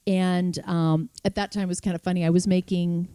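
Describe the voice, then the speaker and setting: A woman's voice: on the low side, brisk, clear, resonant tone, no room sound. A woman, a magazine founder chatting enthusiastically as an interview guest in a conference room. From Chicago, USA. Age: 50s. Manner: enthusiastic, storytelling, animated asides. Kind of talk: conversational interview.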